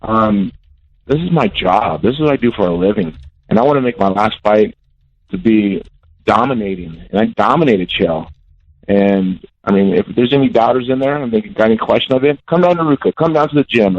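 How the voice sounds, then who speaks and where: A man in his forties calling in by phone to an interview, talking bluntly and intensely and repeating himself. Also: lowish voice. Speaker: guest fighter calling in. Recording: dull lo-fi call-in audio.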